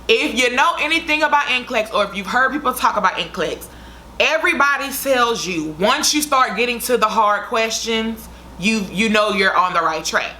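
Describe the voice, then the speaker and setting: A woman's voice: on the high side, animated, normal speed, bright, forceful tone, slight background noise. A young woman vlogger telling a story to her viewers in a chatty, dramatic way. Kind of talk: casual storytime vlog.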